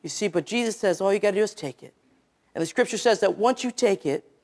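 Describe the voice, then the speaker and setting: A man with a squeaky voice preaching an evangelistic sermon, stretching out key phrases and letting them drop low at the ends. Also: animated, fast talker.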